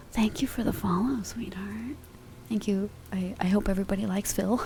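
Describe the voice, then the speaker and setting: A woman streaming live ASMR, chatting casually and playfully, drifting between soft whispers and quiet talk from a home sound booth. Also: mid-range voice, vocal fry, slight background noise.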